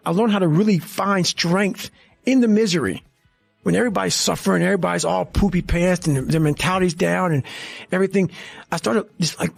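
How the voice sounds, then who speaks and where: A middle-aged man with a fairly high, gravelly, husky voice tells a story in an interview. He talks with blunt, profane intensity and a lot of drive. The delivery is a casual podcast conversation, not a speech. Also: a little fast, soft background music. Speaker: podcast guest telling a story.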